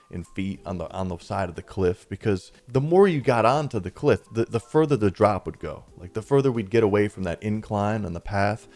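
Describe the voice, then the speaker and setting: A man with a fairly low voice tells a personal story in casual storytime narration, relaxed and chatty, often saying "dude" and "listen". His delivery rises and falls as he relives the moments. Faint music plays underneath. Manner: laid-back and chatty, peppered with 'dude' and 'listen'; lively retelling with rises and drops in pitch and volume. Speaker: storytime YouTuber.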